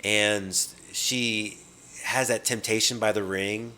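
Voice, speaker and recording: A man with a lowish, bright, forceful voice talks casually about films on a podcast. He rambles with plenty of fillers and restarts and slips into quick put-on voices for movie lines. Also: steady tone. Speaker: podcast host.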